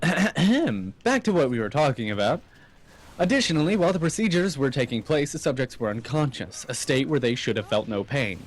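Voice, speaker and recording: A man's voice: mid-range voice, big pitch swings, moderate pace. A man co-hosting a casual late-night stream from a computer chair at home, reading game lore aloud with chatty asides and small stumbles. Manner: reads long passages with chatty asides and stumbles.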